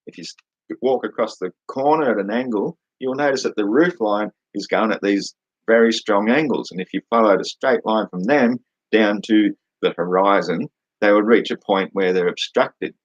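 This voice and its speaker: Blunt, sweary Australian man, husky voice. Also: on the low side, normal speed, dry recording, dull audio. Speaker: vlogger answering comments. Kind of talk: combative ranting monologue.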